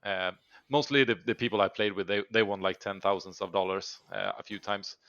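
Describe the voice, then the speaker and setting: Swedish male co-host, low and gravelly, halting, dull dry lo-fi sound. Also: steady tone, fairly bright tone, no echo. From Sweden. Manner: hesitant, lots of uh fillers. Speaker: podcast co-host. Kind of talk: casual chat.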